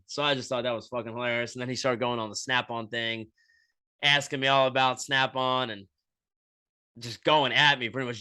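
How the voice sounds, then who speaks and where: A young man hosting a podcast, telling a story in a profane, animated way and quoting voices as he goes. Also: medium pitch, fairly quick. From Florida, USA. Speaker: podcast host. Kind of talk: casual storytelling monologue.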